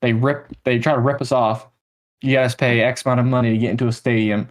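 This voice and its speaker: A man's voice: medium pitch, flat delivery, fast. Ranting young man on a sports podcast. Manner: exasperated, ranting, self-mocking. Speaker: podcast co-host, Panthers fan. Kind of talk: casual sports podcast chat.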